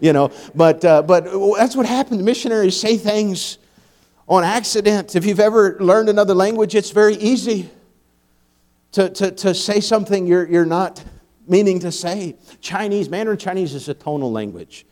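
Young male preacher, slightly high voice, anecdotal, laughs often, swells to emphatic climaxes. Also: normal speed. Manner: storytelling, laughs often, builds to loud emphatic peaks. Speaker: pastor. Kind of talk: sermon.

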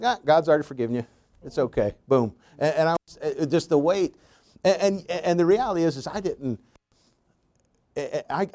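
A pastor preaching a sermon with slow, emphatic stresses and storytelling asides, a man. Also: mid-range voice, warm tone.

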